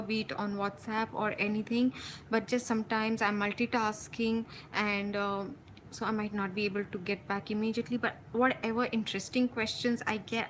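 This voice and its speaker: A woman hosting a spiritual live stream from home, talking passionately and intensely, speeding up when excited and laughing often. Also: on the high side, a little hiss or hum, poor audio. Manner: frequent laughs and warm endearments. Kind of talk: live-stream talk to viewers.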